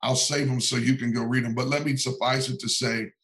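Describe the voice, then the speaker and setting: A man's voice: medium pitch, steady tone, brisk, a bit bright, low-quality recording. A man, a pastor and author, talking as a podcast guest in an earnest, sermon-like cadence with frequent repetitions. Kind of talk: preaching-style podcast talk.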